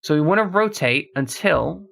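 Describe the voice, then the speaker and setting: A man's voice: a little high, animated, normal speed, creaky, a bit bright, slight background noise. A man streaming a horror game, talking casually through a puzzle and chatting to his viewers as he plays. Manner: thinks aloud while solving a puzzle, chats to viewers. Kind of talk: casual gameplay commentary.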